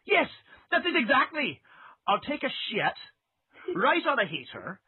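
A man's voice: very high voice, huge pitch swings, measured pace, slightly rough, no room sound, pitched above the performer's own voice, full character voice. A man voicing a scheming Irish man who talks himself into a foolish plan, with an Irish accent. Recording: tinny phone-like sound.

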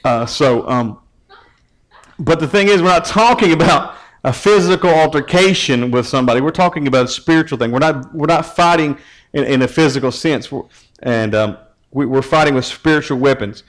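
A man's voice: a little high, moderate pace, poor audio. A man preaching a casual, conversational sermon as a youth pastor. He often repeats words as he starts his phrases.

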